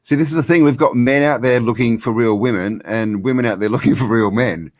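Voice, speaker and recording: A man's voice: mid-range voice, brisk, a little mellow. A man hosting a casual livestream chat, rambling and emphatic, filling his talk with "you know". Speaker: host.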